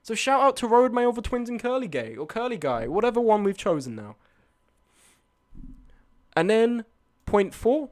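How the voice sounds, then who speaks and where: A man's voice: sits high, sing-song, normal speed, long pauses. A young man telling a night-out story on a live stream, swearing and arguing back at his chat. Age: young adult.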